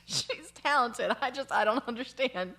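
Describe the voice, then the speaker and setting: A woman with a fairly high voice co-hosts a podcast in a studio. She teases her partner relentlessly and keeps breaking into laughter through the casual back-and-forth. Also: animated, moderate pace, bright, forceful tone. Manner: teasing, laughs a lot. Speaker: podcast co-host. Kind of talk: casual comedic podcast banter.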